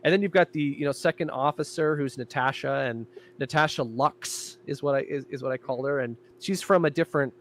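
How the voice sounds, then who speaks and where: A man in casual podcast chat, describing his own show in an animated way. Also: mid-range voice, fairly quick, few pauses, a little hiss or hum. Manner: animated, jumping into character voices.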